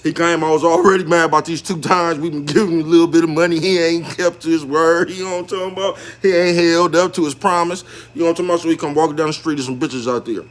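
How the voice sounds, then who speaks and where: Bay guy telling a story, slangy, keeps laughing, kinda high voice. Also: fairly even intonation, fast talker, hardly any pauses. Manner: slangy, laughs through his words. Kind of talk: casual street storytelling.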